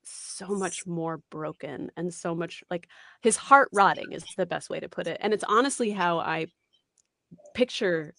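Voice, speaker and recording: A woman in her thirties, a voice actress giving an interview, talking in an animated, chatty way with many fillers. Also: on the low side, unhurried, creaky, dry recording, clean studio sound. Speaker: voice actress guest. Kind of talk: casual interview chat.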